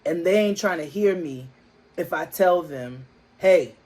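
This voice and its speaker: A man's voice: on the high side, a little slow, a little mellow. A man co-hosting a casual TV recap chat who laughs easily and riffs on the scenes. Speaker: co-host of a TV recap show.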